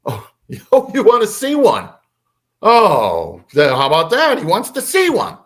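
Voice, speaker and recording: A man's voice: high voice, huge pitch swings, unhurried, voice pushed up, full character voice. Sarcastic, fed-up mom, mimicked by an older man telling a story, mocking tone. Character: sarcastic, annoyed middle-aged mother.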